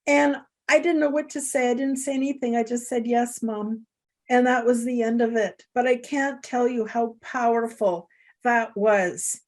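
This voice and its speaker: A woman's voice: fairly high pitch, moderate pace. A middle-aged woman hosting a talk show, telling a personal story in an earnest, emotional way. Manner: earnest, emotional, tearful at times. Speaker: show host.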